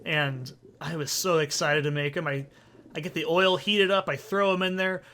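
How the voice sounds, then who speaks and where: Bright-voiced young man, swearing and rambling. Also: a little high, moderate pace. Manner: rambling, swears a lot, excitable storytelling. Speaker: let's play host. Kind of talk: casual gameplay commentary. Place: soundproofed home recording corner. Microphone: desk condenser mic with pop filter.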